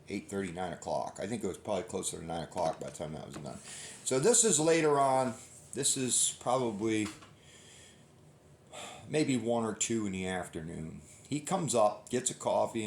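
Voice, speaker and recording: With a lowish voice, a middle-aged hunting-channel host spins a long, folksy, rambling story, frequently restarting his sentences. There's a roomy echo and a slight hiss or hum on the recording.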